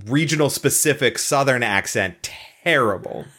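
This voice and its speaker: A man's voice: mid-range voice, expressive, moderate pace, pushed and bright. A man co-hosting a podcast, chatting casually about a film and laughing often. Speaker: podcast co-host.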